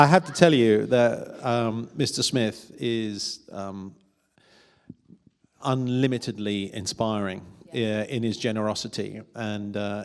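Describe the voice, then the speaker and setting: A man speaking at a film press conference in a halting, dry and wry way. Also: lowish voice, a bit bright.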